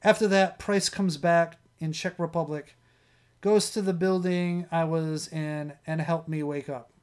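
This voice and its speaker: A man with a slightly high, strained voice hosts a casual livestream. He rambles, restarts his sentences and chuckles often as he chats. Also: fairly even intonation, measured pace, darkish tone, smooth. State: strained, worn voice. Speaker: livestream host. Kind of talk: casual chat.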